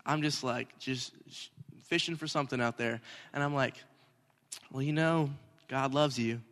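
A young man, a minister, telling a story in a lively sermon and rising to shouts at times. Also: mid-range voice, normal speed, a little hiss or hum. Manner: animated, talks in circles, rising to shouts. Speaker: youth minister. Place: church hall. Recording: hall reverb.

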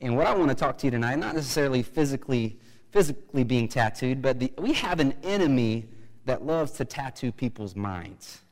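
A man preaching a sermon, chatty and joking, rising to loud emphatic bursts. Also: medium pitch, expressive, a little fast, long reverb tail, low-quality recording. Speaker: pastor.

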